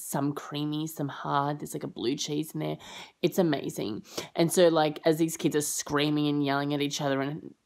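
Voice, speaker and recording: A young woman talks straight to her vlog in a low-pitched, chatty voice. She rambles with plenty of fillers and jumps way up in pitch when she acts out what people said. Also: a little mellow. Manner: acts out quoted lines with high jumps in pitch. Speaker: au pair vlogger.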